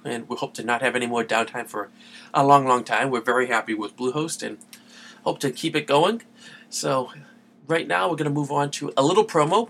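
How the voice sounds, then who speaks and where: A man's voice: medium pitch, vocal fry, a bit bright, slight background noise. A man hosting a gaming podcast, talking in a loose, chatty way with lots of fillers. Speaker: podcast host. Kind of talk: casual solo podcast talk.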